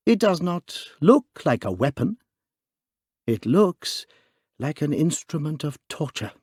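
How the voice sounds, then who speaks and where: A mild little priest with a low, dreamy voice, as a male narrator puts him on in a storybook reading. His speech rises and falls with lively swings, quiet yet intense, heard close and dry. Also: measured pace, dry recording. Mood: earnest, insistent.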